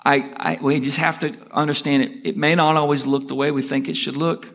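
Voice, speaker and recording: Energetic rushing male pastor preaching. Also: vocal fry. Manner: energetic, rushing storyteller with rising emphatic pitch. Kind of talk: sermon.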